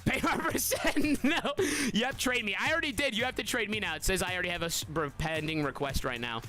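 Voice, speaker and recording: Excitable high-voiced young man streamer. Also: quick pace, faint music behind. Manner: excitable, repeats "guys" constantly, yells at surprises. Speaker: streamer hosting a game tournament. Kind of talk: live game stream talk to chat.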